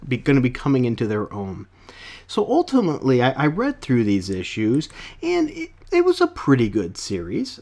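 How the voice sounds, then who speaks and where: A man talking through a comic book review in a loose, casual vlog. His pitch moves around a lot. He rambles, stops to correct himself, and fills gaps with filler words.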